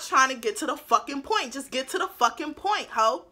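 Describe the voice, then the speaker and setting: At a moderate pace with hardly any pauses, a young woman runs through a casual storytime as a beauty vlogger. Blunt, animated and heavy on the swearing, she drops into low asides and climbs into loud outbursts.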